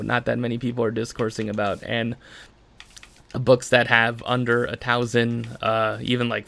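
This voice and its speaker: A man's voice: mid-range voice, gravelly, a bit bright. A man hosting a casual solo podcast, rambling with lots of filler words, laughing often and joking at his own expense. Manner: self-deprecating joking. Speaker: podcast host.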